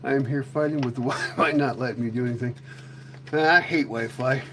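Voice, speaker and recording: A man's voice: medium pitch, steady tone, brisk. A man chatting casually with viewers on a live stream, rambling and joking with mild swearing. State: a little out of breath after chasing goats.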